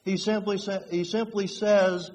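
A man preaching a sermon, moving between hushed, slow passages and fervent, rising ones. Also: high-pitched, level tone. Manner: dynamic, swings from hushed to fervent. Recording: long hall reverb.

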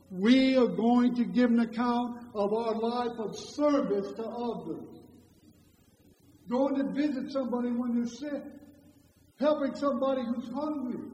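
A man preaching a sermon, who stresses points loudly and slowly and then drops to a quiet storytelling voice. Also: very high-pitched. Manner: emphatic, swings from loud slow stresses to quiet storytelling. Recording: echoey hall, dull lo-fi sound.

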